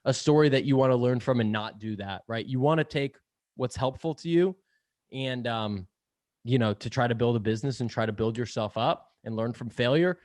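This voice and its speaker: A man's voice: medium pitch, fairly quick, a little mellow, dry recording. Chatty man who laughs and swears. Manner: rambling, filler-heavy, laughs often, swears casually. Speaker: podcast guest, sales podcast host. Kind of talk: casual interview chat.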